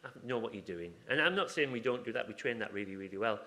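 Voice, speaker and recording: A man's voice: mid-range voice, lively intonation, quick pace, bright, forceful tone. A man giving an informal conference talk, chatty and rambling, breaking off into asides and restarting his sentences. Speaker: conference speaker. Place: conference room.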